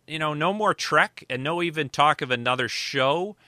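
Man, podcast host, very bright tense voice, dry close sound, rambling casual talk. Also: fairly high pitch, moderate pace, no room sound. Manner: rambling, with many restarts.

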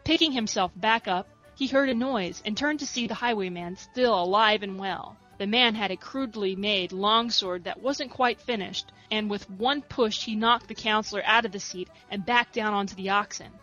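Woman, soft steady story reading, muffled lo-fi audio, faint music behind. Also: mid-range voice, normal speed, hardly any pauses. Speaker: reader. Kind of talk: storybook narration.

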